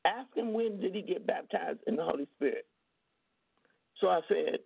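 A woman deliverance minister telling a testimony in an emphatic, drawling preaching style, with a gravelly voice. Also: mid-range voice, moderate pace, no room sound. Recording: tinny phone-like line, dry.

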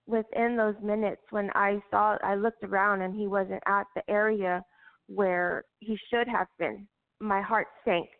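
A middle-aged woman tells an emotional personal story, halting and full of fillers and restarts. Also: mid-range voice. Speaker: guest recounting a personal story. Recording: tinny phone-line audio.

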